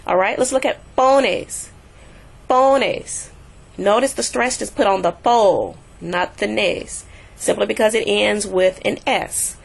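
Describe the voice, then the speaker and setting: A woman teaching a recorded language lesson, patiently repeating example words slowly to show the stress. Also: medium pitch, vocal fry. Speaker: Spanish teacher.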